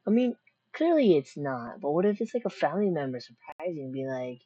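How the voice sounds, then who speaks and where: Husky, rambling woman reacting to a video. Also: deep voice, lively intonation, fairly quick, warm tone, no echo, muffled recording. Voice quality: rambling, jokey, self-interrupting. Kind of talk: casual reaction commentary.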